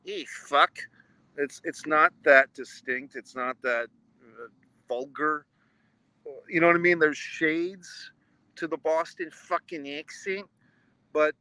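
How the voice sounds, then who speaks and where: A man's voice: fairly high pitch, sharp tone, dry recording, low-quality recording. A man reviewing a movie in a casual, rambling livestream from outside a movie theater, swearing often and restarting his sentences. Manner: rambling and profane, with frequent restarts. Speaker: vlogger and film reviewer.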